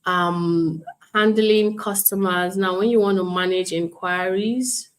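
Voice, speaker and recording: Calm woman teaching an online class. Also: fairly low pitch, slow pace. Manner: calm, explains with role-played customer examples. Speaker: bootcamp instructor.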